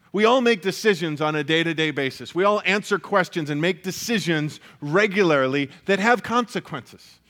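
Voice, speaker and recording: A man's voice: a little high, fairly bright tone. A man preaching a sermon, earnest and emphatic, often repeating phrases for weight. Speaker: pastor.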